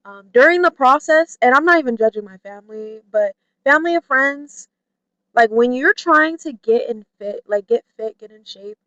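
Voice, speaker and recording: A woman vlogger talking candidly to camera in a chatty way, full of "like" and "you know", who mimics her friends in a high playful voice. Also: expressive, moderate pace, fairly bright tone, dry recording, low-quality recording. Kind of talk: candid personal talk to camera.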